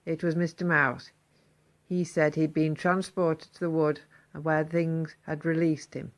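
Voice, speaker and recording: A woman reading a children's story aloud, expressive and slowing down for emphasis. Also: deep voice.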